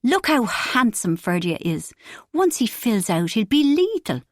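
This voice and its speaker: A woman reading an audiobook, voicing a warm, effusive middle-aged mother who fusses over her family. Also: on the high side, big pitch swings, a little slow, no echo, clean studio sound. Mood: doting. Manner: gushing, affectionate.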